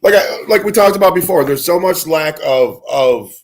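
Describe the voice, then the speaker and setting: A man's voice: sits high, lively intonation, normal speed. A man co-hosting a sports radio show, talking bluntly and profanely and ranting hard about players. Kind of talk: casual sports radio talk.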